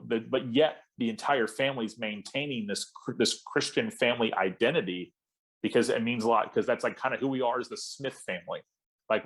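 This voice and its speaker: Male pastor, husky tone, casual chatty storyteller at a leaders' lunch. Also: medium pitch, a bit bright. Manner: storytelling, conversational with frequent fillers and restarts. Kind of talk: speaking to church leaders. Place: event hall.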